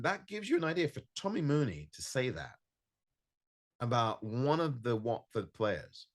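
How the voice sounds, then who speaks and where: A man hosting a solo football podcast, reviewing a match in an emphatic, frustrated way and repeating himself for stress. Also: medium pitch. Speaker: podcast host. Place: home recording in California.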